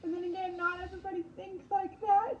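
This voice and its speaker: A woman guest on a radio interview, speaking slowly and haltingly, repeating words as she goes. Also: very high voice, flat delivery, reverberant, muffled recording, crowd noise. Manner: halting, repeating words, slow effortful speech. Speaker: podcast host as guest. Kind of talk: casual interview answers.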